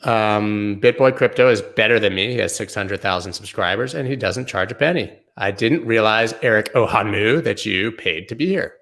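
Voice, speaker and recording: A man with a low, gravelly voice and a bright edge hosts a loose, jokey livestream. He riffs on viewer comments in a casual, offhand way. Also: moderate pace, few pauses. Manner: joking, riffing, answering viewer comments. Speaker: host.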